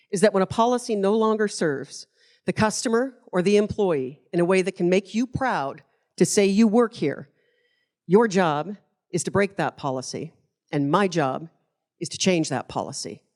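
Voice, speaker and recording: A woman's voice: on the low side, lively intonation, moderate pace, a little mellow. A middle-aged woman, giving a conference keynote speech and telling stories in a passionate, emphatic way. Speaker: keynote speaker.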